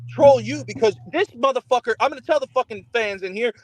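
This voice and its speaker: A man's voice: very high-pitched, a little fast, no room sound. A man co-hosting a sports show by remote call, arguing angrily and cursing as he talks over the other host. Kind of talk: heated sports debate.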